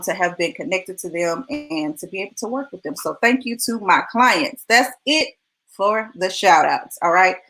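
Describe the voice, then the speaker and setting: A woman's voice: on the low side, fairly bright tone, low-quality recording. A woman hosting a live video show, talking casually and effusively and laughing often. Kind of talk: casual livestream talk.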